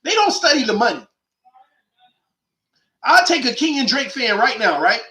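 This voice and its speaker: A man's voice: very high voice, big pitch swings, moderate pace, sharp tone, reverberant. A man hosting a call-in sports show, delivering an emphatic, slangy monologue full of rhetorical questions. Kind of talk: animated opinionated monologue.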